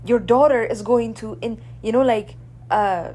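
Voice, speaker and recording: A woman from Ethiopia, hosting a radio show in a blunt, animated monologue. She swears freely and keeps asking her listeners "right?". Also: a little high, a little slow, a little hiss or hum. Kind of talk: casual opinion monologue.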